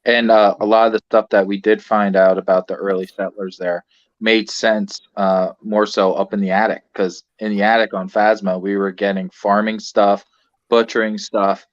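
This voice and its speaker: A man with a low, deep voice lays out details in a matter-of-fact way during a casual live-stream chat. The sound is a bit dull and lo-fi, and dry. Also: level tone, moderate pace, no room sound. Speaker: paranormal investigator, tour guide.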